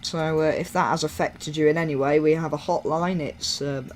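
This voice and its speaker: A man chatting through a train game in a loose, joking, self-mocking way. His voice sits a little high. Faint game sounds run underneath. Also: steady tone, normal speed, few pauses, slight background noise. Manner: rambling, jokey, self-mocking. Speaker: gaming YouTuber. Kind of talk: casual gameplay commentary.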